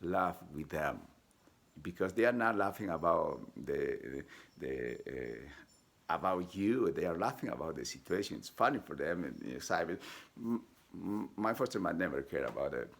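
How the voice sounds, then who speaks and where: A man with a deep, gravelly voice tells his own story in a personal storytelling style. He talks haltingly, with frequent fillers and restarts. He jumps into high, lively voices when he quotes other people. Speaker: vlogger telling his life story.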